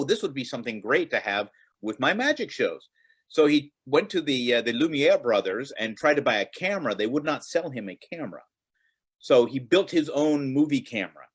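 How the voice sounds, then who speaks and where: Speaking through a computer mic on a video call, a man with a mid-range voice gives a casual virtual presentation as a guest on film preservation. His relaxed, chatty storytelling is full of fillers and restarts.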